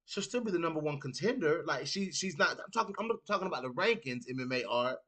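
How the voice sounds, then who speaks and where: A man's voice: a little high, animated, quick pace, fairly bright tone. A man hosting a casual fight recap livestream, talking loosely with a groggy morning voice and lots of "you know what I'm saying" filler. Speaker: livestream host.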